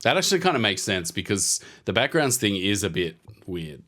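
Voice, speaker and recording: A man's voice: lowish voice, sing-song, brisk, a bit bright. A man hosting a casual chat about a tabletop game. He is playful, swears freely and steers the talk. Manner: swearing, playful, leads the conversation. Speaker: podcast host.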